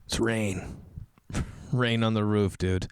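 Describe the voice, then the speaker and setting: A man, a comedian hosting his own show, chatting loosely and rambling with a voice gone hoarse. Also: fairly low pitch, fairly even intonation, slow. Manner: rambling, loose, self-mocking with many fillers. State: hoarse, recovering lost voice. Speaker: comedian podcast host. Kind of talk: casual solo chat. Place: home indoors with rain on the roof.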